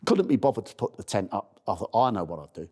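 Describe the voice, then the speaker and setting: Talking fast in a lowish voice with a breathy edge, a middle-aged British man tells the story of his charity walk as a spoken diary entry. He brings the people he encountered to life by acting out their voices.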